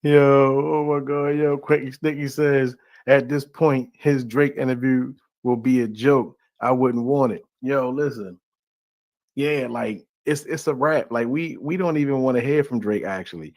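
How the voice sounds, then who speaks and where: A man's voice: medium pitch, a little slow, a little mellow, no echo. A man hosting a live stream in a loose, laid-back, rambling way and inviting viewers to join. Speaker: host. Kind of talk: casual live-stream talk.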